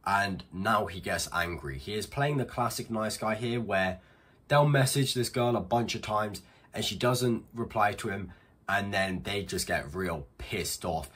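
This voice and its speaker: Husky-voiced man doing blunt reaction commentary. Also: lowish voice, unhurried, a bit bright. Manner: incredulous, blunt, swears freely. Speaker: reaction video host.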